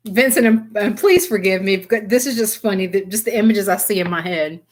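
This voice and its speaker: A woman's voice: medium pitch, a little fast. A woman reading tarot cards on a live stream, chatty and giggly, addressing her viewers by name. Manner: giggly, keeps breaking into laughter and apologizing. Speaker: tarot reader.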